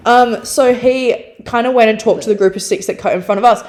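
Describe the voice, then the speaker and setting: A young adult woman co-hosting a casual chat, telling a story in a chatty, animated way with lots of fillers. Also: a little high, fairly quick. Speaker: podcast co-host.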